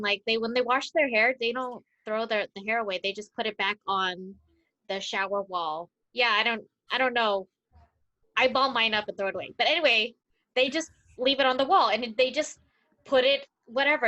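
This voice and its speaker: A woman's voice: on the high side, normal speed, bright, forceful tone, no room sound, lo-fi sound. A young woman co-hosting a podcast in casual chat, playful and teasing. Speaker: podcast co-host.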